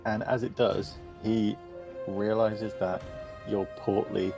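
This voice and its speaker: A low, gravelly man narrating a tabletop game as its game master. He describes the action in a calm, matter-of-fact way, with faint music playing behind. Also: takes it slowly.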